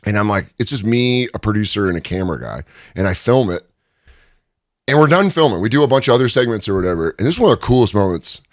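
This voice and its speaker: Talking quickly in a fairly low voice, a stand-up comic shares energetic, laugh-filled stories in a casual studio interview. The sound is clean, with no room sound.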